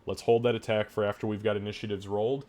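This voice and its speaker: Male game master, lowish voice, online session, hesitant, filler-heavy delivery. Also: little pitch movement, darkish tone. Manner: halting, lots of fillers and restarts while narrating. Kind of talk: running a tabletop game online.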